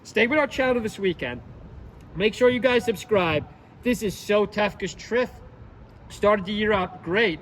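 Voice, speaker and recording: A high-pitched man hosts his own channel and talks loosely through his picks, repeating lines and thinking aloud. Faint street traffic can be heard in the background. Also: a little slow. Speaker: esports YouTube host. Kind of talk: casual commentary and predictions.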